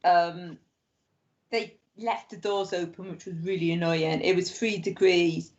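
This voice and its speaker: A woman's voice: lowish voice, fairly even intonation, a little slow, a little mellow. A young woman in casual podcast chat, telling rambling stories full of "like" and acted-out quotes. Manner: rambling storyteller, lots of "like", acts out quotes. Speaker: guest. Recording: dull lo-fi podcast audio.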